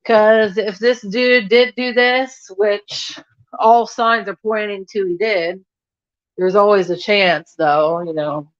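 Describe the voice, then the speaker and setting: A woman's voice: mid-range voice, steady tone, slow pace, no echo, muffled recording. A woman vlogging in a loose, rambling casual chat. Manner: chatty, rambling, talks to her cat between thoughts.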